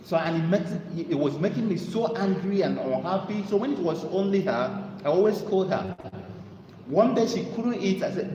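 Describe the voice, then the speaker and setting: A man giving a motivational talk to an audience, telling stories and pitching his mentorship. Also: moderate pace, lo-fi sound, slight background noise. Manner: animated storytelling, sales pitch. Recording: echoey hall with long reverb.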